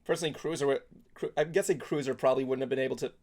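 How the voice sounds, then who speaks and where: Gravelly-voiced man rambling in chat. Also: mid-range voice, fairly even intonation, racing, darkish tone. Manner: rambling, full of "like" fillers. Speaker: podcast co-host. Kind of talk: casual chat.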